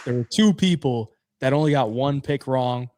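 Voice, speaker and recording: A man's voice: medium pitch, normal speed, a little mellow, no echo. Chill guy cohosting fight picks, dry room sound. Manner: laid-back, reads promo plugs. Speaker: podcast co-host. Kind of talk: casual fight-picks chat.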